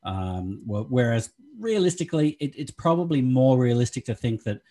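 Aussie male podcast co-host, husky, relaxed and chatty, laughs easily. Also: mid-range voice, normal speed. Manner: chatty, laughs often, trails into restarts. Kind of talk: casual chat.

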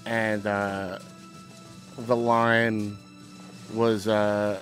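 Bright, loose middle-aged guy telling movie stories, swears freely. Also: medium pitch, fairly quick, soft background music. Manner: loose, profane storytelling, frequent laughs. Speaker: comedian riffing on a movie. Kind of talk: casual movie riff commentary.

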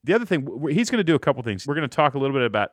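Energetic male podcast host, dry studio sound. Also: medium pitch, dry recording. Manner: energetic, storytelling, quick bursts. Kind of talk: enthusiastic interview podcast talk.

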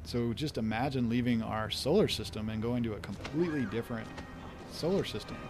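A man's voice: mid-range voice, fairly quick, over music. A man hosting a podcast, giving a rambling, chatty commentary while watching an episode with a guest. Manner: rambling, chatty, laughs easily. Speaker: podcast host. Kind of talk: casual commentary chat.

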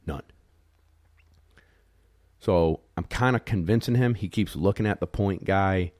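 A retriever dog handler tells a competition story casually and animatedly, acting out both the dogs and the judges, blunt and with a bit of swearing. His voice is low-pitched and a little slow, captured in a dry, studio-quality recording.

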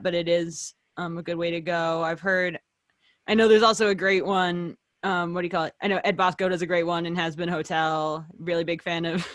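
A woman's voice: fairly low pitch, a bit bright, no echo, clean studio sound. A woman directing a podcast, chatting casually in a group call, rambling with laughs and restarts. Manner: rambling, laughing, quick self-corrections.

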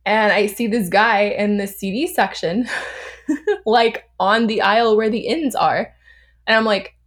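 Brief: thirties woman from Southern California, podcast guest, mid-pitched, chatty storyteller, laughs a lot, loose and animated delivery. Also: a little slow. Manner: chatty, animated, laughs often, many fillers. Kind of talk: casual storytelling.

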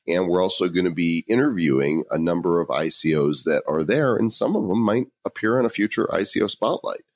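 A man's voice: low-pitched, lively intonation, brisk, dry recording. A male podcast co-host in casual chat, upbeat and explaining things.

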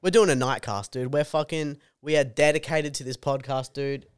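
A man's voice: mid-range voice, fairly even intonation, moderate pace, smooth, dry recording, studio quality. A young man co-hosting a podcast, chatting casually and swearing freely. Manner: swears a lot, calls his co-host dude, jokey. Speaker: podcast co-host. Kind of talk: casual chat.

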